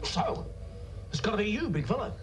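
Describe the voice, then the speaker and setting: An actor playing a gruff, bossy male sewage worker on a spaceship who scolds and drops his voice low on insults. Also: very animated, a little fast, soft background music. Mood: scolding.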